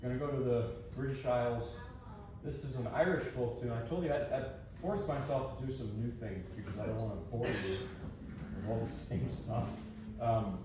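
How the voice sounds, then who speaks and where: A man's voice: medium pitch, normal speed. A pianist introducing his pieces to a recital audience, chatty and self-deprecating, often restarting his sentences. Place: concert hall. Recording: echoey hall from far off, ambient noise.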